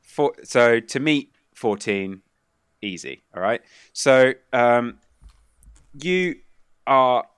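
A man's voice: fairly low pitch, a bit bright, smooth, no echo, clean studio sound. Man narrating a tabletop game. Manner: loose, hesitant narration. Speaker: game master.

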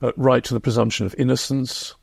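A man being interviewed as a historian, explaining in a reflective, measured way. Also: mid-range voice, little pitch movement, gravelly, husky, no room sound, studio quality. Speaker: historian guest. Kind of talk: podcast interview.

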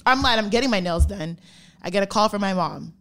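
A podcast co-host with a medium-pitched, slightly bright voice tells stories in casual chat, speaking a little fast. She acts out quotes and swears freely.

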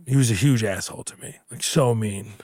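A comedian in his thirties chatting casually, animated and playful, swearing freely as he tells stories. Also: on the low side, fairly quick, slightly rough, dry recording, clean studio sound. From Houston, Texas. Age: 30s. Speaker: comedian co-host. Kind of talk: casual chat.

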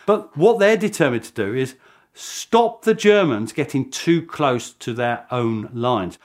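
A male historian recounting events in an interview, his voice riding high and swinging up and down with lively energy. He chuckles often and restarts his sentences as he goes, in an animated storytelling manner. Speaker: historian guest.

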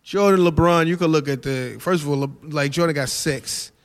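A man's voice: on the high side, moderate pace. A man who is a stand-up comedian and host, talking casually in an interview, laid-back and repeating his phrases.

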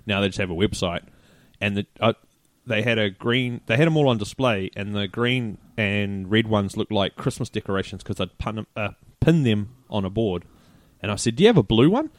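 Laid back podcast dude, lowish voice, chatty travel story, dry mic. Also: male voice, moderate pace, few pauses, no echo. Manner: easygoing, relaxed recounting with fillers. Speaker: podcast co-host. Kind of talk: casual chat.

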